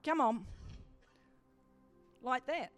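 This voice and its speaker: A woman giving a sermon testimony, telling her story with animated storytelling that builds into fervent exhortation. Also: sits high, drawn-out words, faint music behind. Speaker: preacher.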